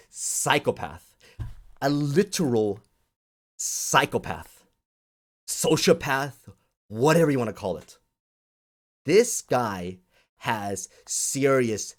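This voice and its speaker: A man delivering a sarcastic, exasperated rant in a video monologue. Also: medium pitch. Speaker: crypto commentator.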